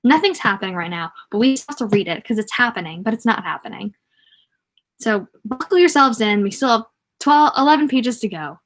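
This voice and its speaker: A woman's voice: fairly high pitch, animated, brisk, fairly bright tone. Woman reading a novel aloud, casually. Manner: stumbles and self-corrects, laughing asides. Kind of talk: casual read-aloud with asides.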